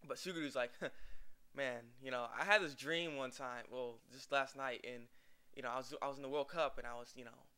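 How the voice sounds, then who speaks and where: A man's voice: medium pitch, fairly even intonation, normal speed, pushed and bright, smooth. A young man casually recapping an anime episode, rambling and acting out the characters' lines with laughs. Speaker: anime reviewer.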